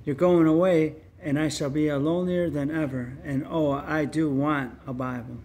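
A man voicing a gentle bedridden crippled boy who speaks earnestly and pleadingly. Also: a little high, steady tone, normal speed, natural voice.

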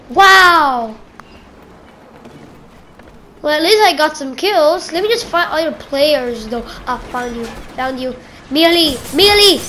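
A woman giving excitable gameplay commentary, exclaiming at game events and playfully calling other players "bro". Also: very high-pitched, a little hiss or hum. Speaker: gamer.

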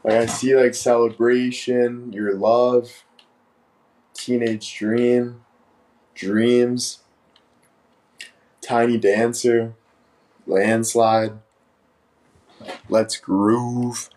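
A man's voice: medium pitch, drawn-out words, long pauses, rough recording. A man chatting casually with viewers on a live stream, asking what to wear and what song to play. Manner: relaxed, chatty, addresses viewers as guys. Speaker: livestreamer.

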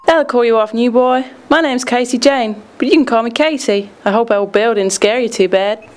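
A woman's voice: on the high side, moderate pace, natural voice. Casey Jane, a woman voicing a sassy slug gal. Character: spirited young female slug.

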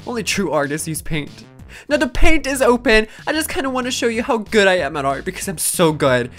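A woman narrates a joke drawing tutorial in a mock-boastful, sarcastic tone. Her pitch swings widely and lively, over soft background music. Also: a little fast. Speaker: YouTube artist.

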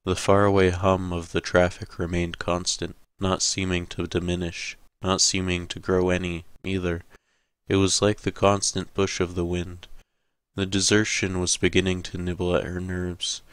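A man narrating an audiobook in a deep, steady voice with little rise and fall. His tone is smooth and resonant. The recording is close and completely dry. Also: moderate pace, dry recording. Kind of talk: scripted narration.

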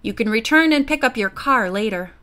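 A woman's voice: on the high side, expressive, a little fast, a bit bright. A woman voicing a firm, commanding middle-aged father who speaks tersely.

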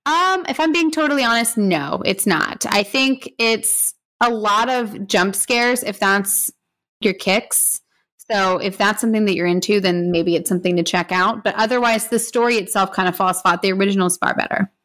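A woman co-hosting a movie podcast, giving frank, measured opinions in casual chat. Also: medium pitch, fairly bright tone. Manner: candid and measured. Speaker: podcast co-host.

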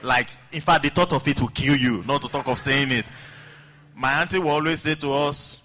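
Bright Nigerian man doing stand-up. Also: mid-range voice, normal speed. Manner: lively, acts out scenes with voices and sounds. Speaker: stand-up comedian. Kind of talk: stand-up comedy storytelling. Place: large event hall.

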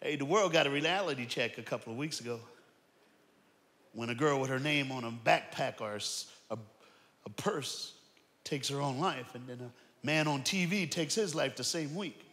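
A man preaching an energetic sermon to a church crowd, calling out to them. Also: medium pitch, moderate pace. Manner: animated, shouting preaching with crowd call-outs. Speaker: guest preacher. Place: large church auditorium. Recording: long hall reverb.

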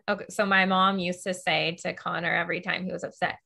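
A woman's voice: lowish voice, fairly even intonation, normal speed, creaky, few pauses, bright, forceful tone. A woman hosting a podcast interview, talking in a loose, chatty way full of "like" and "you know". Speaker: host.

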